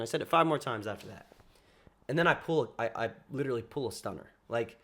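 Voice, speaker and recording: Male dating coach, casual and excitable, swears freely, keeps saying bro. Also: mid-range voice, a little fast. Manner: excitable, profane, slangy, addresses listeners as bro. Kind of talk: casual motivational monologue.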